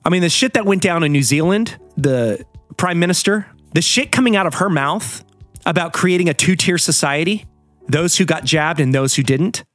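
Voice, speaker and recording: A man's voice: a little high, animated, moderate pace, fairly bright tone, no echo, soft background music. A man hosting a show, ranting heatedly in a profane solo monologue.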